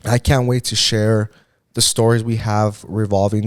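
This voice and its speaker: A man's voice: on the low side, little pitch movement, measured pace, clear, resonant tone, dry recording, clean studio sound. Rambling, casual podcast co-host man. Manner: rambling, peppered with "like" and mild swearing. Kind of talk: casual chat.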